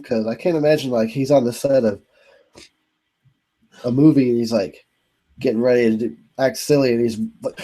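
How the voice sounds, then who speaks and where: A man hosting a casual video hangout, sounding congested from a cold, laid-back and quick to swear and laugh. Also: medium pitch, dark tone, rough recording. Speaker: host of an online video hangout. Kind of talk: casual chat.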